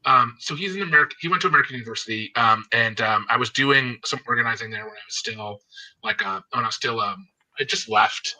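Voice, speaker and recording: Man, rambling storyteller with many fillers, rapid delivery, very bright tone. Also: mid-range voice, poor audio. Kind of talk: casual political banter.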